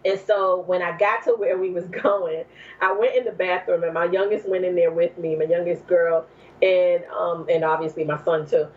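A woman, a mother in her thirties or forties, telling a personal story as a guest, leaping to high exclaims when she quotes herself. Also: fairly even intonation, normal speed, recorded from a distance. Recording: dull lo-fi recording.

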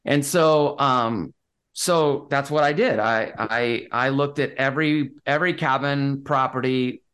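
In this casual interview, a real estate investor guest speaks in a mid-range, somewhat bright voice that sounds clear and resonant. His pace is measured, yet his enthusiastic, relaxed talk is packed with fillers and false starts.

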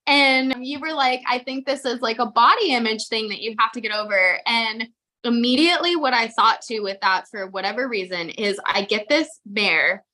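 A woman's voice: fairly high pitch, moderate pace, bright, forceful tone. A woman co-hosting a podcast, chatting candidly with lots of fillers and the odd swear. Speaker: podcast co-host and horse trainer. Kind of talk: casual chat.

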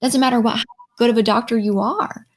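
A woman's voice: fairly high pitch, fast talker. A woman in her thirties, a pediatric radiologist, telling a story in casual conversation and acting out what people said. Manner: animated storyteller who acts out quoted dialogue.

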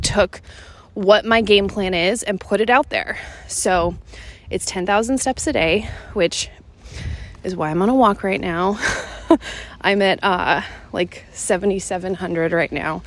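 A woman's voice: medium pitch, normal speed. A woman from Seattle hosting her fitness podcast while walking outdoors in the evening. She talks in a rambling, chatty way with many fillers and is slightly out of breath. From Seattle, Washington, USA. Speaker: podcast host and fitness coach. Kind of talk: casual solo podcast chat.

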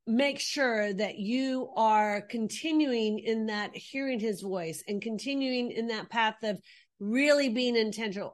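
A woman hosting an online interview, speaking in a reflective, unhurried way. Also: a little high. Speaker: host. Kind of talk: casual interview chat.

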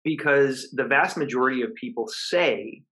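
Podcast guest, male coach, mid-range voice, earnest and measured storyteller. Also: medium pitch, fairly bright tone, rough recording. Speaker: guest, high-performance coach. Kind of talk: storytelling interview answer.

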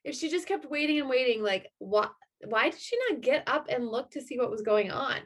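Musing woman co-host, slightly high. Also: a little fast, a bit bright, slight background noise. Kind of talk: casual chat.

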